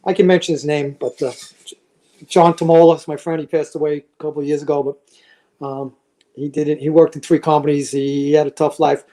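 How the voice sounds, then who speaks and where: A man's voice: a little high, little pitch movement, brisk, warm tone. A man in his sixties, a retired fire lieutenant, telling casual stories as a podcast guest and acting out the voices of people he quotes. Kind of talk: casual storytelling.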